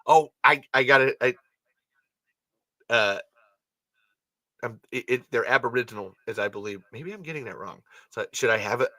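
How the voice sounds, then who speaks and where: A man's voice: mid-range voice, normal speed, long pauses, sharp tone, no echo. A man hosting a podcast, reading a story aloud with casual, rambling asides and frequent self-corrections. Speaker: podcast host.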